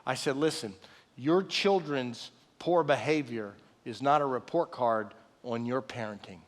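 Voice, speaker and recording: Pastor preaching in an echoing hall. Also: male voice, measured pace. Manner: conversational storytelling, swings from loud excited retelling to soft low tones. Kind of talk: sermon. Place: church sanctuary. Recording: long reverb of a large hall.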